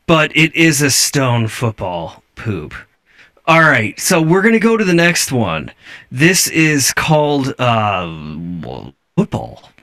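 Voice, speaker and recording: A man's voice: mid-range voice, wildly swooping pitch, slow pace, bright, forceful tone. A man hosting a casual podcast, amused and profane as he reviews videos and rambles. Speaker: podcast host.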